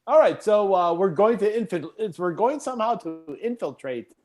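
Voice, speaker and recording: A man improvising comedy over a video call, with a voice a touch higher than most men. He stumbles forward in halting bits and restarts lines as he goes. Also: lively intonation, a little mellow, soft background music. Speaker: improv performer.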